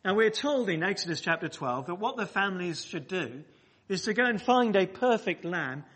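A man's voice: sits high, sing-song, moderate pace, fairly bright tone, husky. A man preaching a sermon to his congregation, emphatic and repeating phrases for weight, speaking directly to the people in the church.

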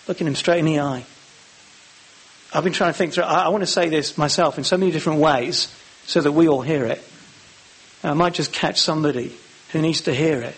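Animated male preacher. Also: a little high, a little fast, slightly rough. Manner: animated, acts out Bible characters' lines. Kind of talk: sermon.

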